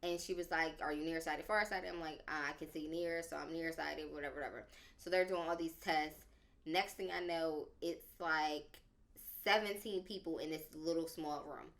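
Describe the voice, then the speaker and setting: A young woman tells a personal story on a podcast in a casual, animated way, with a lot of slang. Her voice sits a little low but has a bright, forceful edge. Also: normal speed. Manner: animated and dramatic, slangy, lots of "like". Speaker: podcast speaker.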